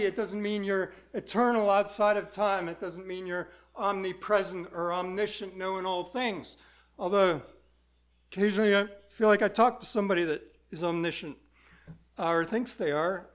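A man's voice: sits high, moderate pace. A male pastor preaching a sermon in a conversational way, putting questions to the congregation.

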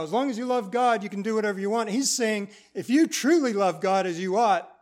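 A man with a notably high voice delivers a sermon to a congregation. He reads scripture passages in a measured way, then breaks them down in a relaxed, conversational teaching tone. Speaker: preacher. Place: church.

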